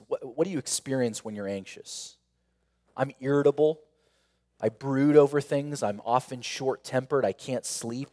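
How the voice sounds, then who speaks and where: A man of middling pitch preaches a sermon in a church sanctuary, and his words ring with a long reverb through the large hall. He is earnest and leans on rhetorical questions and repeated phrases. He swells to emphatic peaks, then drops to a quiet, intimate tone. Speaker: pastor.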